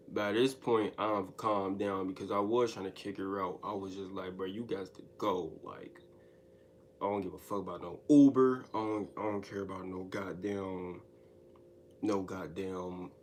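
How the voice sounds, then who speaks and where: A low-voiced man spins a personal story in loose casual talk, cursing freely and jumping from near-yelling to hushed asides. A faint hiss of background noise sits under his voice. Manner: animated, profane, swings between yelling and hushed.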